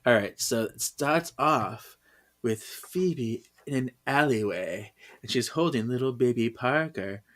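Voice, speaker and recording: A man co-hosting a casual podcast, describing comic pages as he goes. He talks loosely and laughs a lot. His voice sits at an ordinary middle pitch. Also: lively intonation, takes it slowly, fairly bright tone. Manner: chatty, laughs a lot, hesitant with fillers and restarts. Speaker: podcast co-host. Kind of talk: casual comic read-along chat.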